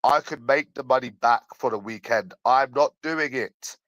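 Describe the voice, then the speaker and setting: A man's voice: medium pitch, moderate pace, a bit bright, dry recording, poor audio. A man with a London accent ranting in a repetitive, sweary, sarcastic monologue. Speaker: vlogger.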